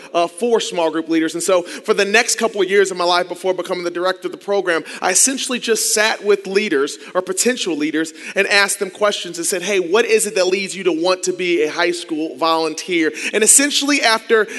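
Guy from ohio preaching fast, acting out the dialogue, lots of reverb. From Akron, Ohio. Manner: animated, acts out quoted dialogue with big pitch swings. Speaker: church groups director. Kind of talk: sermon storytelling.

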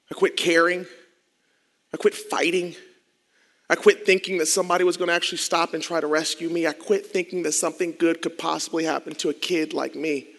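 High bright-voiced man telling his story. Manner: swings between hushed asides and loud, intense passages. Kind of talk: dramatic storytelling speech. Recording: long reverb of a large hall.

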